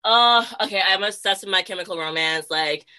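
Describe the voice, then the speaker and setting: Bright-voiced chatty young podcaster woman. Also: mid-range voice, a little fast. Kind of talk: casual podcast chat.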